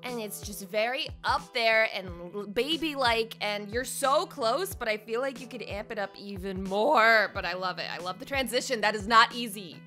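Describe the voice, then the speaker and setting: A woman's voice: fairly high pitch, moderate pace, hardly any pauses, faint music behind. A young woman who is an impressionist, giving playful, bubbly feedback on viewers' voice impressions. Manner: bubbly, animated, playful critique. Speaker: impressionist reviewing viewer submissions. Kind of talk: casual chat.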